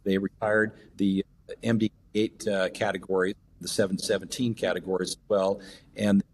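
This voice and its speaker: A middle-aged man, an airline captain and union rep, telling a long story as a podcast guest and pausing often on fillers and restarts. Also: low voice, level tone. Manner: rambling, many fillers and restarts. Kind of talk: storytelling in an interview.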